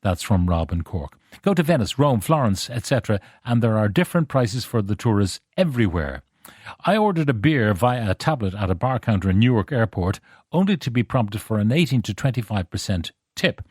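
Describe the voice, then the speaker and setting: A middle-aged man from Ireland with a lowish voice hosts a radio show, reading listener texts aloud with wry emphasis and chatty asides. The sound is dry and close, with no room around it. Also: very animated, fairly quick, darkish tone, breathy edge, no echo.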